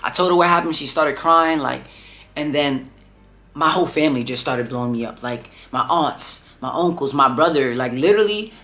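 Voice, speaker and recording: Young guy doing a storytime vlog, kinda high voice, says like and bro constantly. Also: moderate pace, sharp tone, soft background music. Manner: rambling, heavy on filler "like" and "bro". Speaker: vlogger.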